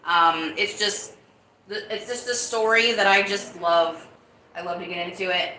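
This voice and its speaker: A woman's voice: medium pitch, fairly even intonation, a little slow, pushed and bright, echoey room, a little hiss or hum. A woman hosting her own live-stream podcast, talking casually and greeting viewers in the chat. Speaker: livestream podcast host.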